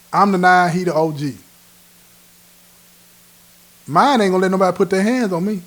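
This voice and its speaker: A man hosting his own show, telling a prison story in casual street slang and acting out what others said. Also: high voice. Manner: street slang, acts out quoted dialogue.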